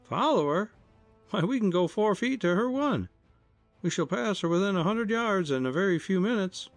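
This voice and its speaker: A man plays a resolute young skipper who speaks firmly, his voice raised high and lively. The reading is close and dry. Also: normal speed, no room sound, faint music behind. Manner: firm, resolute.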